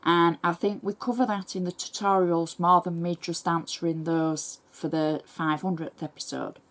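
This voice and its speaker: An English woman who hosts crafting tutorials, reading viewer messages aloud in a brisk, chatty and thankful way. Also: fairly low pitch, steady tone. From England.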